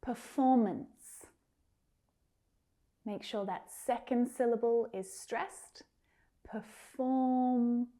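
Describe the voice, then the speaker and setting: A woman with a warm, mellow voice teaches English pronunciation, stretching each word out carefully before using it in a sentence. She speaks at a very slow, deliberate pace, like a patient lesson. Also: fairly high pitch. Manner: slow, careful, drawn-out enunciation of single words.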